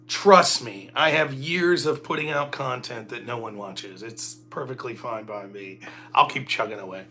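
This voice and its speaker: Middle-aged male streamer, casual self-mocking chatter, bright voice, faint music under. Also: medium pitch, moderate pace. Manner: joking, rambling, self-mocking. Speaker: livestream host. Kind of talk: casual solo livestream chat.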